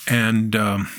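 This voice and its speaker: Reflective man with a low voice. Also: a bit bright, no room sound. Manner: reflective, halting, many fillers and restarts. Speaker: podcast guest, decedent remover. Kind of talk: casual interview storytelling. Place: podcast studio.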